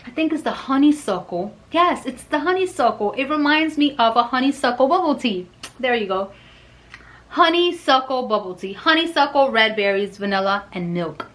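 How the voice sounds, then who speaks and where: A woman reviewing perfume in a vlog, gushing and excitable, with soft whispered asides. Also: high voice, normal speed, poor audio. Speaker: fragrance reviewer.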